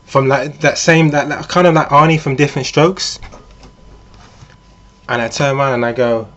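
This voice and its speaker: A vlogger talks through hypothetical scenarios in a casual monologue, conversational and full of fillers and restarts. His voice is medium-pitched and a bit bright at normal speed, though the audio sounds dull.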